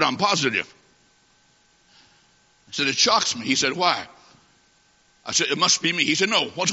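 A man preaching a humorous sermon, telling a comic story and acting out the dialogue with lively timing. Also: on the high side. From half Italian. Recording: dull recording in a long-echoing hall.

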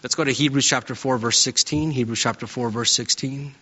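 A man's voice: medium pitch, steady tone, fairly quick, pushed and bright. A middle-aged male pastor preaching a sermon, talking conversationally and telling stories, often checking in with "right?". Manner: conversational, storytelling, frequent "right?" tag questions. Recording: dull reverberant hall sound.

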